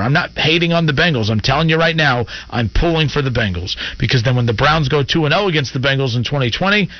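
A man's voice: medium pitch, no echo. A man hosting a call-in sports talk radio show, opinionated and argumentative, rambling through his points. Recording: lo-fi radio broadcast.

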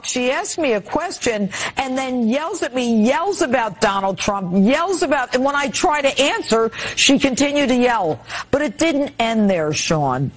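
A woman's voice: high voice, expressive, unhurried, hardly any pauses, a little hiss or hum. A woman on a TV interview played on air, recounting an incident in an indignant, emphatic way. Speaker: TV guest.

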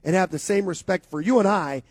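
A man's voice: high-pitched, a little fast, breathy edge, no room sound. A man from co-hosting a sports radio talk show, talking with enthusiasm and emphasis.

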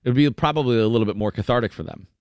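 A man's voice: mid-range voice, very fast, a little mellow, no echo, muffled recording. A man hosting a morning radio show, chatting casually and reading a news item aloud with playful quoted voices.

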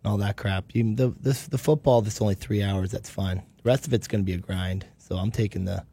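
A man's voice: fairly low pitch, steady tone, brisk, mellow, breathy edge, no echo. A man co-hosting a podcast, joking and bantering in casual chat. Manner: playful, wisecracking. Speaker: podcast co-host.

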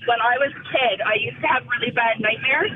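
A man's voice: very high-pitched, brisk. A male caller phoning into a radio show, easygoing and amused as he tells a story. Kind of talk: phone-in anecdote. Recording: tinny phone line with crowd noise.

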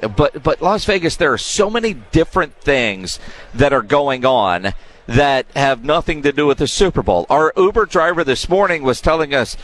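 A man's voice: on the high side, expressive, normal speed, a bit bright. A man hosting a sports radio show, chatting casually with restarts and laughs. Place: radio row at a large event.

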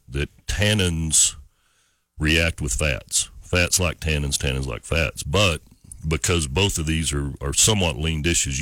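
A man in the wine business, a guest on a morning radio show, explaining wine pairings in a measured way. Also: a bass voice, fairly bright tone, no echo, clean studio sound. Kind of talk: casual radio chat.

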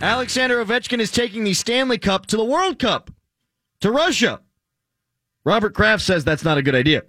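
A man's voice: high voice, lively intonation, normal speed, over loud music. A man hosting a radio show, cracking sarcastic jokes in casual banter. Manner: wisecracking, sarcastic.

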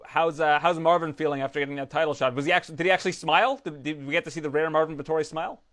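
A man's voice: fairly high pitch, fairly even intonation, rapid-fire, a bit bright. A man interviewing a fighter, friendly and chatty. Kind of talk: interview questions.

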